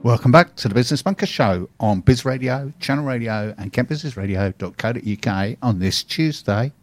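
A man's voice: medium pitch, a little fast, faint music behind. A man hosting a radio business show, chatting casually and teasing his co-host. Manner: jokey, teasing banter.

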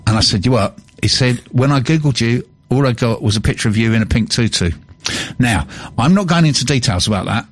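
Teasing English radio host, dry studio. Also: male voice, mid-range voice, lively intonation, dry recording. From England. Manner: chatty, teasing, quick to laugh. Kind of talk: casual radio chat.

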